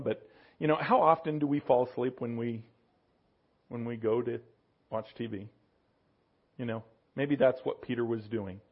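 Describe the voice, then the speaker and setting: High, husky-voiced man preaching. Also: dull audio. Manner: conversational, asides and rhetorical questions. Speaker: pastor. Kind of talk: sermon.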